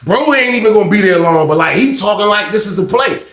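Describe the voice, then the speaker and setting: A man telling a casual storytime monologue about his past, animated and slangy, often slipping into acted voices. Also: high voice, fast. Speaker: storyteller recounting prison life. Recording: echoey room.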